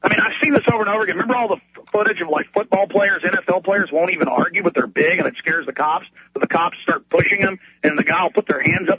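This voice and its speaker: A man's voice: high voice, muffled recording. A man hosting a talk radio show and giving heated commentary, stumbling over repeated words and mocking other people in quoted asides. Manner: rapid, repetitive restarts, mocking put-on quotes.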